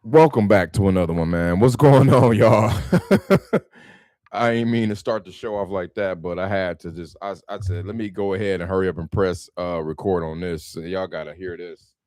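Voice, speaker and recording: A man hosting a casual live stream about real estate wholesaling, telling stories in an animated, slangy way and laughing often. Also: deep voice, normal speed, no room sound, clean studio sound.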